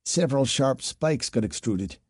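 A man voicing a hurt, hoarse young woman on a spacewalk, croaking out strained, clipped lines. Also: medium pitch, expressive, moderate pace, darkish tone, dry recording, studio quality. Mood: relieved.

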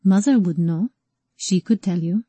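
An eccentric, old-fashioned woman, as a woman narrator voices her, formal and airy with a dismissive lilt. Her voice is warm and low, with a slight husk. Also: unhurried, breathy edge, no room sound.

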